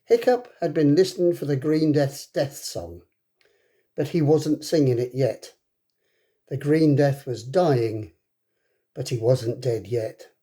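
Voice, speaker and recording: Slow, expressive male storyteller. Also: mid-range voice. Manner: expressive, dramatic. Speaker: teacher reading aloud. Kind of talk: storybook read-aloud. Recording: echoey room.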